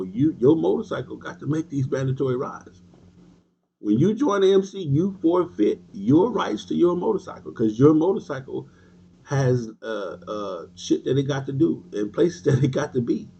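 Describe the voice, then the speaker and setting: Preaching hard to his livestream audience, a motorcycle club leader speaks in a husky, mellow, medium-pitched voice. He's emphatic and repetitive, throwing in street slang and firing back at viewer comments, all captured in dull, lo-fi stream sound.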